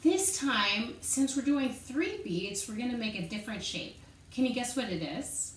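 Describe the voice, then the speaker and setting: A woman's voice: a little high, expressive, moderate pace, a little hiss or hum. A woman teaching an elementary music lesson, patiently explaining and counting rhythm syllables aloud while she moves. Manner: encouraging, patient teacher talk. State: out of breath. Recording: echoey room, voice from a distance.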